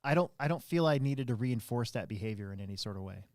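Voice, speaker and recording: A man's voice: mid-range voice, fast, no echo. A man hosting a podcast, telling a story in casual chat and acting out quotes in a raised voice. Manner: animated, acts out quotes in a raised voice. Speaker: podcast host.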